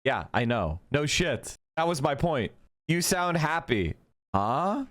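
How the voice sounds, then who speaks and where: A man's voice: on the high side, sing-song, takes it slowly, fairly bright tone. A man hosting a stream, reading news aloud and ranting sarcastically in casual political commentary, with some swearing. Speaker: streamer host.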